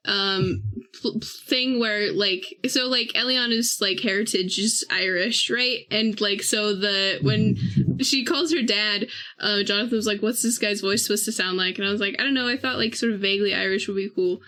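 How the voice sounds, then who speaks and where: A woman's voice: medium pitch, moderate pace, pushed and bright. A woman in a casual podcast chat, loose and chatty with frequent laughter. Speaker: actual-play podcast cast member.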